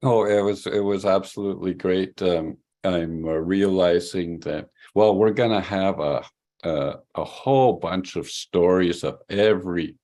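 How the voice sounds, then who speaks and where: Deep-voiced, slow, halting male host. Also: dark tone. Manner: halting, many fillers and restarts. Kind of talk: hosting an online storytelling event.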